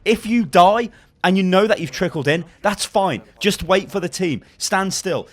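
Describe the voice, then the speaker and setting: Young guy ranting game tips, kinda high voice, worked up and a bit hoarse. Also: expressive, normal speed. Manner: emphatic, repetitive, worked-up. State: slightly hoarse. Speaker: gaming YouTuber. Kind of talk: fast-paced game tips guide.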